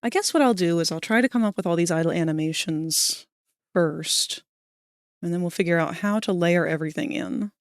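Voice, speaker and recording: A young woman streaming live while drawing, chatting casually with her viewers, sleepy but breaking into animated, laughing bursts. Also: on the low side, quick pace, clean tone, no echo, studio quality.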